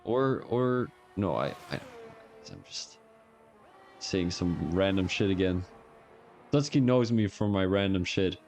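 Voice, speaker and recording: Low-voiced Belgian man, rambling and joking. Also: measured pace, long pauses, a little mellow, soft background music. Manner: rambling, joking, self-mocking. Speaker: sim racing league streamer. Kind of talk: live-stream race commentary.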